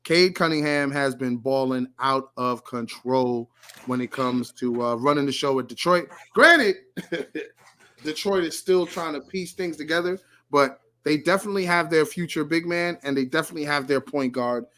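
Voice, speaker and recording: A young man hosting a casual basketball podcast, talking excitedly and jumping to high squeals for emphasis. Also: moderate pace. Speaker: podcast host.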